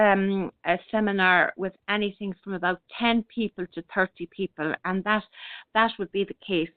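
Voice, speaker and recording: Soft-spoken woman on a phone line. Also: medium pitch, no room sound. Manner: gentle, unhurried, many fillers and restarts. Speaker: radio show host reading listener comments. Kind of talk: casual spiritual talk radio. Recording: tinny phone-line internet radio.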